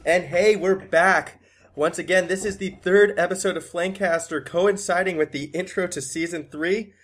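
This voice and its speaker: A man's voice: high-pitched, fairly even intonation, moderate pace, fairly bright tone, soft background music. An American man hosting a casual podcast, playful and self-mocking. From USA. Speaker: podcast host.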